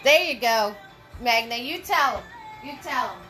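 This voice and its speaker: A woman hosts a live painting class with a bright, fairly high voice. She walks through each brushstroke slowly and patiently, cheering on her viewers. Soft music plays behind her. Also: animated, poor audio. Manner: chatty and encouraging, greets viewers by name; slow step-by-step instructions. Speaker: paint party instructor. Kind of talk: live-streamed painting lesson.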